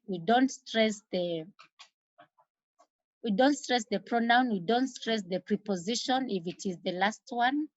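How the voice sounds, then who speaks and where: A Kenyan woman teacher walks students through exam revision, repeating key terms to drive them home. She speaks slowly in a slightly high voice. The recording sounds dry and muffled. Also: dry recording. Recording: dull lo-fi recording.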